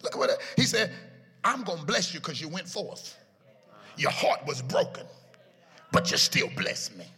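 A man preaching a sermon in a chanting, sing-song style, his voice rising into shouts at its peaks. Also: on the high side, big pitch swings, a little slow, long pauses, husky. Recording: echoey hall with music behind.

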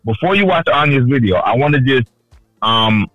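A man co-hosting a casual podcast chat, telling stories loudly with lots of swearing and acted-out quotes. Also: medium pitch, moderate pace, dry recording, dull audio, faint music behind. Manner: animated storyteller, loud and swearing, acts out quotes. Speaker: podcast co-host.

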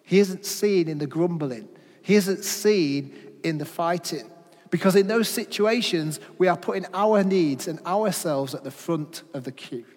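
High-voiced preacher in a reverberant hall. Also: male voice, a little slow, darkish tone. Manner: rhetorical questions, personal anecdotes, dramatic drops in volume. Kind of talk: sermon.

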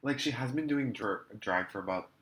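A man co-hosting a casual podcast, talking in a campy, gossipy way with quick asides. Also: medium pitch, fairly bright tone, roomy sound, slight background noise. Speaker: podcast co-host. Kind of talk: casual chat reviewing a drag competition show.

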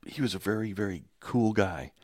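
A man, a filmmaker, chatting casually on a podcast and telling lively anecdotes. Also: lowish voice, a little fast, no room sound, clean studio sound. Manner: enthusiastic storyteller, impersonates people in quotes.

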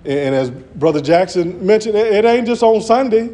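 A man's voice: high-pitched, expressive, moderate pace, mellow. A man preaching an earnest sermon, often restarting his words as he presses his points. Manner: earnest, repetitive, stammering restarts.

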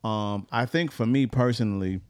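A man co-hosting a podcast in relaxed casual chat, also reading a short scripture message. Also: lowish voice, moderate pace, clean tone, dry recording, studio quality. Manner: relaxed, laid-back with many fillers. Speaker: podcast co-host.

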